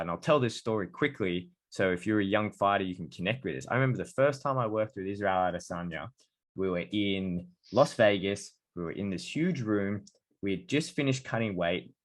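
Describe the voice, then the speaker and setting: Lower-voiced man hosting a podcast. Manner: storytelling, relaxed and chatty. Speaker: podcast host, dietitian. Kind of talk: casual interview chat.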